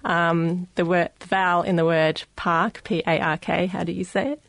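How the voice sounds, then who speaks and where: A woman with an Australian accent talks through her explanation in a lowish voice, pausing often to gather her words. The studio sound is close and dry, with no room around her. She comes across as a guest expert on a radio science show. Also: level tone, a bit bright, no echo. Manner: measured, with frequent filler pauses.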